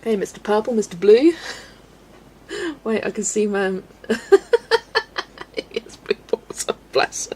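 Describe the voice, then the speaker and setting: Hosting a colouring livestream, a woman chats casually with viewers, reads their live comments, and laughs often. Her medium-pitched voice is animated yet slow, with long pauses, a slightly mellow warmth and a little roughness. Faint background noise sits under the recording.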